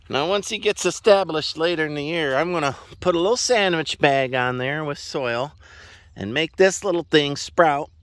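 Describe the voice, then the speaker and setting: Rancher vlogger, folksy and rambling, lively pitch, recorded outdoors walking. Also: male voice, no room sound. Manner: rambling, folksy, chatting to his horse. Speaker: farm vlogger. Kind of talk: casual walk-and-talk vlog. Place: outdoors on a ranch in a wet meadow.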